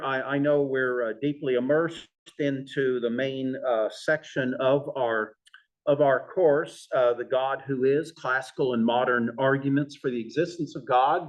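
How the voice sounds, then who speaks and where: A man teaches a church class in an unhurried, halting way, full of fillers and restarts. His voice comes from some distance away from the mic. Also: medium pitch, highs cut off. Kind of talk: classroom lecture. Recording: voice from far off in a room.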